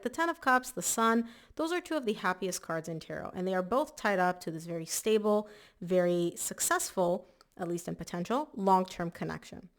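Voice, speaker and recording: A woman giving a casual monthly tarot reading in a chatty, emphatic way, slightly hoarse and clearing her throat. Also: lowish voice. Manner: chatty, emphatic, repeats words for stress. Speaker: tarot reader.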